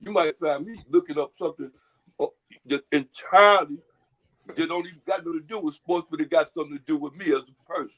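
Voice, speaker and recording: A man with a fairly high voice rambles through a casual chat, looping back on his own words and dishing out folksy advice. The audio is muffled and lo-fi. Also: fast talker, fairly bright tone.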